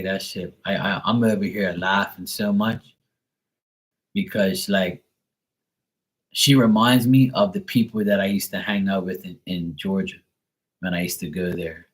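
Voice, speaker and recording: A man with a slightly low voice talks loosely on a live stream, full of swearing and easy laughter. He rambles freely, like a casual chat with viewers. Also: fairly even intonation, moderate pace. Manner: loose, profane and laughing, imitates accents. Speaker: live tarot reader and streamer.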